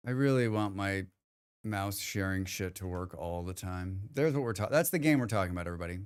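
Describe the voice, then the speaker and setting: Smooth-voiced man chatting on a game stream. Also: lowish voice, moderate pace. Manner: rambling, restarts sentences, chats with viewers. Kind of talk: casual livestream chat.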